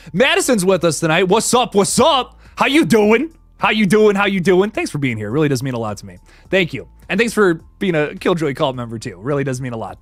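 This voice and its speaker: Male streamer host, casual and chatty, bright high voice that swings a lot, dry sound. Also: dry recording. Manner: chatty, laughs often, greets chat viewers. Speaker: livestream host. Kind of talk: casual horror movie livestream chat.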